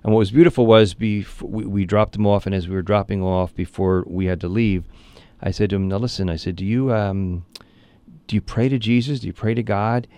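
A man, a priest, speaking in an interview and telling a story earnestly, with frequent restarts and lively animation. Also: on the low side, brisk, clear, resonant tone, no room sound.

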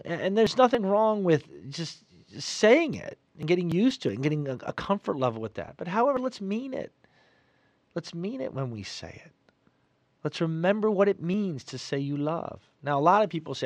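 A middle-aged man giving an earnest, sermon-like reflection in a studio, swinging between loud emphasis and soft asides. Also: fairly high pitch, sing-song, brisk, dry recording. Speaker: Catholic radio host.

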